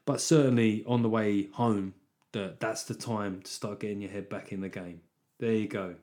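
A man's voice: lowish voice, fairly even intonation, normal speed, darkish tone. A man hosting his own podcast as a comedian, talking in a rambling, sweary, self-deprecating way. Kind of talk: solo podcast monologue.

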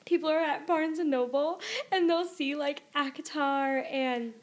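A young woman co-hosting a book podcast in casual chat, animated and laughing often. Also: high voice, a little slow.

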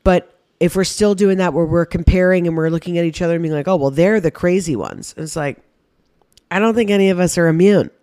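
A woman podcast host, heavily pregnant, reflecting out loud in a candid, casual way and swearing freely. Her voice sits fairly low for a woman. It is recorded close and dry, with no room around it. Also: steady tone, quick pace, smooth, no echo. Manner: candid and conversational, swearing casually, many fillers.

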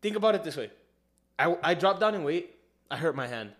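A man's voice: on the high side, lively intonation, brisk, fairly bright tone. A young man co-hosting a podcast in casual chat, slangy and saying "bro" all the time. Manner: slangy, says "bro" constantly. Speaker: podcast co-host.

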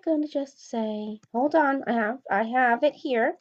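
A woman's voice: fairly high pitch, unhurried, highs cut off. A woman hosting a solo podcast, giving blunt, opinionated sports commentary and hammering her points home with repetition. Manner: blunt, emphatic, repeats points for stress. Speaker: podcast host.

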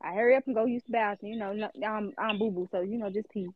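A woman co-hosting a podcast who tells a story in an animated, casual way, laughs often, and swears freely. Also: mid-range voice, quick pace, narrow, tinny audio, over a noisy crowd. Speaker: podcast co-host.

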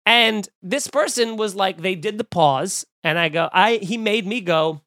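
Brief: male podcast host, lively storyteller, high voice, dry close sound. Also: measured pace, no echo. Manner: animated, acts out quoted voices. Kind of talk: casual chat. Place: home room.

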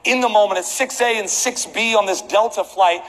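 A man preaching a sermon, telling a comedic story with animated delivery. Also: sits high, moderate pace. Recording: echoey hall with faint background noise.

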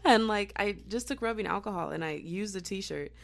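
A woman's voice: medium pitch, normal speed, creaky. A young woman filming a casual makeup tutorial in her bedroom, rambling and joking with her viewers about powder, with poor-quality audio. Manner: goofy, rambling, self-mocking, talks to viewers as "y'all" and "girl". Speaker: makeup vlogger.

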